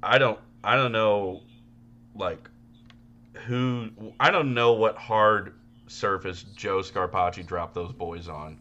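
A man co-hosting a casual podcast, telling animated stories with loud, laughing outbursts. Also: fairly low pitch, takes it slowly, dull audio. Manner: animated storytelling, bursts into loud laughing shouts. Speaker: podcast co-host.

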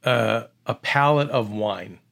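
Middle-aged man from the Boston area, gravelly, mid pitch, animated storyteller. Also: slow. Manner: animated, acts out voices, restarts often. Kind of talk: casual conversational storytelling.

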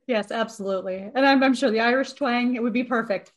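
A woman's voice: fairly high pitch, fast. A woman hosting a podcast who welcomes her guest in an upbeat, friendly way and asks interview questions. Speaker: podcast host. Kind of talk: scripted intro then casual interview.

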